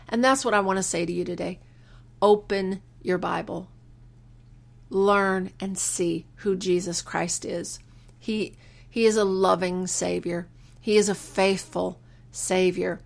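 A woman hosting a faith podcast, speaking earnestly about letting go, quoting scripture slowly and with emphasis, sometimes halting and restarting. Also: on the low side, fairly even intonation, gravelly. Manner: earnest, preacherly, quotes scripture with slow emphasis; halting restarts when moved. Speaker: podcast host. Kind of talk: faith-based personal reflection.

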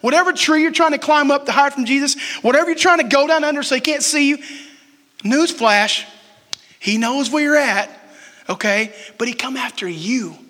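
Pastor, 40s, man, bright and forceful tone, casual sermon that quizzes the congregation. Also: extremely high pitch, normal speed. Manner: conversational, asks the crowd questions and jokes. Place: church sanctuary. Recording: long hall reverb.

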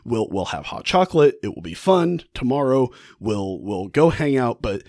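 A man's voice: medium pitch, sing-song, normal speed, darkish tone, no room sound, clean studio sound. A man playing a bossy, insistent woman friend.

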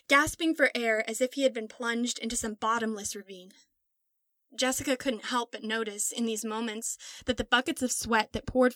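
A woman narrating a dark story in a measured, dramatic storytelling manner. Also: on the high side, no room sound. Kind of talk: scripted narration.

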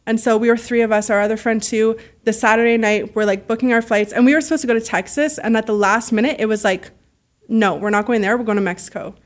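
Woman, podcast guest, fairly high voice, lively storytelling, swears, acts out quotes. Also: fast talker. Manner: heavy use of "like" fillers. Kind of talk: casual storytelling.

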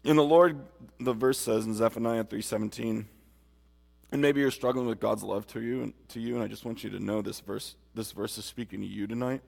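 A man's voice: on the low side, fairly even intonation, a little fast, vocal fry, darkish tone. A man preaching a sermon and giving his testimony, earnest and emphatic, speaking straight to his listeners. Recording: long hall reverb.

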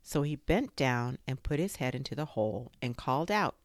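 A woman reading a children's storybook aloud, with a gentle, expressive delivery. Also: extremely low pitch, moderate pace, dry recording, clean studio sound.

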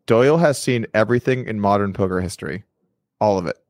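A man's voice: fairly low pitch, fast talker, a little mellow, no echo, studio quality. A man hosting a casual chat, telling stories and stumbling over his words now and then. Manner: storytelling, stumbles and repeats words. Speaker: podcast host.

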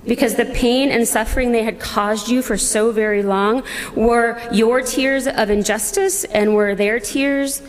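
A woman's voice: on the high side, fairly even intonation, unhurried. A woman pastor preaching a sermon as a dramatic second-person retelling full of rhetorical questions. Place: church. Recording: long church reverb.

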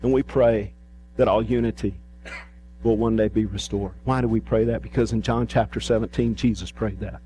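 A male pastor preaching an animated sermon, swinging between emphatic rises and soft low asides. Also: normal speed, slight background noise.

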